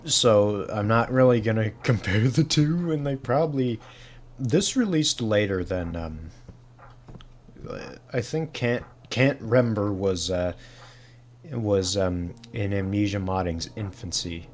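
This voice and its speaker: Brief: low-voiced guy, casual gameplay commentary, meandering, faint noise behind. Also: slow. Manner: rambling, full of fillers and restarts. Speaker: gaming channel host.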